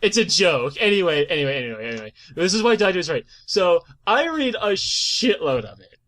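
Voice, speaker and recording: A man's voice: high voice, a little fast. A man hosting a podcast, ranting in casual chat, swearing a lot and laughing as he goes. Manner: animated profane ranting with frequent laughs. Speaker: podcast host.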